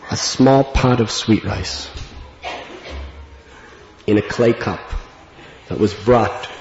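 A man telling a devotional story in an earnest, reflective way, laughing gently at times. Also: lowish voice. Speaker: spiritual speaker. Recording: dull lo-fi recording in an echoey hall with long reverb.

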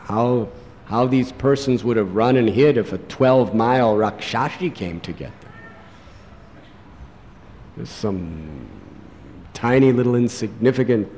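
Slow, dramatic preacher man in a hall. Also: fairly low pitch, expressive, a little mellow, slight background noise. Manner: dramatic storytelling, slows for emphasis. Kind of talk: sermon. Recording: long hall reverb.

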